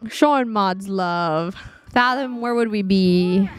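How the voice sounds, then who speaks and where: A woman giving casual, chatty commentary while streaming a life-sim game, exclaiming and reacting loudly. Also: medium pitch, slow pace, clear, resonant tone, dry recording. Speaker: gaming streamer. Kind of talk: casual let's-play commentary. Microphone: desktop studio mic.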